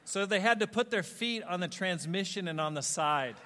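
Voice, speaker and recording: A man preaching a storytelling sermon, animated and self-mocking, laughing at his own stories. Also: sits high, normal speed, a little hiss or hum. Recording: long reverb of a large hall.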